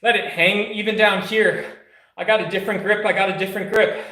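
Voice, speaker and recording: High-voiced hyped workout streamer man. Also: fairly even intonation, fairly quick, sharp tone, roomy sound. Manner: hyped, joking, profane coaching chatter; soothing exercise cues. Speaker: fitness streamer. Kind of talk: casual live workout chat.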